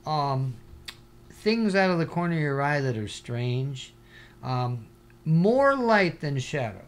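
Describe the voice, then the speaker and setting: A man talking as an interview guest, a diver telling stories in an animated, rambling way with lots of "you know". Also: on the high side, slow. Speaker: guest, scuba diver and paranormal investigator. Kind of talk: casual interview chat.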